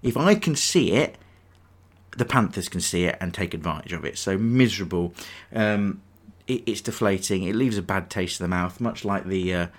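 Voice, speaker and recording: A man's voice: sits low, moderate pace. A man hosting a casual sports podcast, ranting with frustration about his team. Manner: frustrated, rambling fan rant. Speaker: podcast host.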